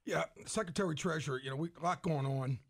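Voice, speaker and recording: A man's voice: fairly high pitch, fast talker. A man co-hosting a radio show, chatting casually and introducing a topic to a guest. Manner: joking, chatty. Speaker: radio co-host.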